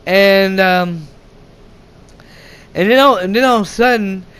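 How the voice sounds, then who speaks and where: High, smooth-voiced rambling man. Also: a little slow, fairly bright tone. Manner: repetitive, many restarts and swearing. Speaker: movie reviewer. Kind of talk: casual rambling plot recap.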